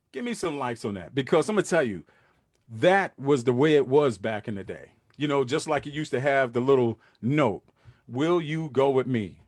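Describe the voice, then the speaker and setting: A man's voice: mid-range voice, dry recording. A man talks straight to his listeners as a podcast host, loose and casual, full of slang and asides. His voice sits in a middling range. The sound is dry and close, with no room around it. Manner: street slang, animated asides and acted-out quotes. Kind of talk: casual solo talk to listeners.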